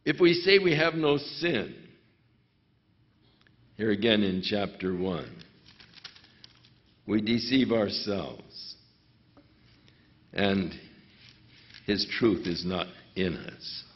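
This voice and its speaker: Slow-preaching man, dull lo-fi sound. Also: lowish voice, very animated. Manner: slow, deliberate preaching with sudden emphatic rises. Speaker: pastor. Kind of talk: sermon. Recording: dull lo-fi recording.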